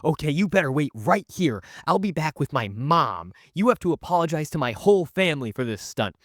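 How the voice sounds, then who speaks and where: A woman's voice: low voice, sing-song, a little fast, no room sound, clean studio sound, pitched above the performer's own voice. A man putting on the voice of a furious teenage girl who screams and confronts him for mocking her little brother.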